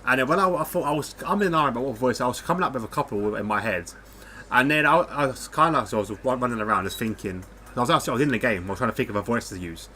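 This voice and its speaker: A man's voice: mid-range voice, very fast, sharp tone, a little hiss or hum. A young man co-hosting a casual podcast, laughing often and swearing freely, with British slang. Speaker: podcast co-host.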